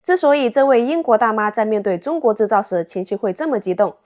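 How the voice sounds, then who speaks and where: A woman's voice: fairly high pitch, lively intonation, quick pace, noisy background. A woman reading a scripted commentary voice-over in an earnest, opinionated way. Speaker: commentary narrator.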